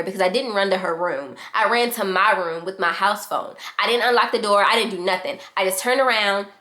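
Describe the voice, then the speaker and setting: A young adult woman vlogger telling a casual storytime in a fast, animated way, acting out the quotes. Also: medium pitch. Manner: fast-talking, animated retelling with quoted voices.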